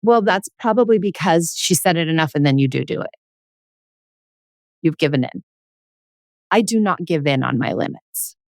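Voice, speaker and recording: A woman's voice: low-pitched, lively intonation, normal speed, pauses often, no room sound, studio quality. A woman hosting as a parenting coach, talking earnestly and directly and acting out little scenes with children. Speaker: parenting coach and podcast host. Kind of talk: coaching conversation.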